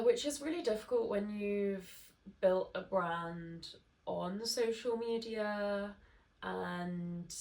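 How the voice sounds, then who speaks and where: A woman in her thirties talks slowly and loosely, her voice nasal from a blocked nose and catching in a gravelly creak. She rambles through casual podcast chat, full of ums and likes, and sits a little back from the microphone. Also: medium pitch, darkish tone, distant mic. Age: 30s. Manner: chatty, rambling, lots of fillers. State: nasal from hay fever. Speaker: podcast host.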